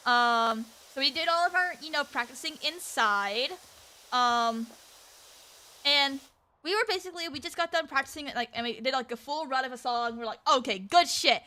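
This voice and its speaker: A young woman with a high, bright, sharp-edged voice chats casually as a streamer. She rambles through a story, leaning on fillers and the occasional curse word. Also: clear, resonant tone. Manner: rambling and chatty, with frequent fillers and swearing. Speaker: VTuber streamer.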